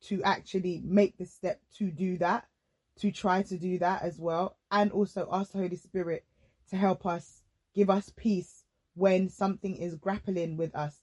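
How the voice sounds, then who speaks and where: A woman's voice: on the low side, fairly even intonation, normal speed, darkish tone. A woman hosting a casual faith-based podcast chat, speaking in an earnest, reflective way. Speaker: podcast host.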